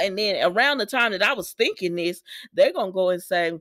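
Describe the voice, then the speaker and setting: A woman's voice: medium pitch, expressive, fairly quick, a bit bright, no room sound, studio quality. A woman recapping a soap opera in a chatty vlog, talking straight to her viewers. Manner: chatty, addresses viewers directly. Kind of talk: casual chat.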